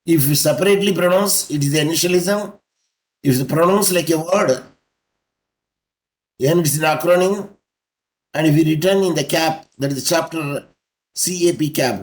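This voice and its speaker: A man's voice: on the high side, moderate pace. Man lecturing patiently in an online class. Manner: patient, repetitive explaining, spelling out letters. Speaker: law lecturer. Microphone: video call.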